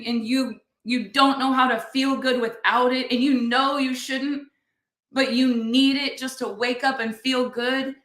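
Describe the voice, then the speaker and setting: Intense, emphatic woman, bright voice. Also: on the high side, reverberant. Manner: intense, emphatic, talks straight to listeners. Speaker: podcast host. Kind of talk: personal storytelling to listeners.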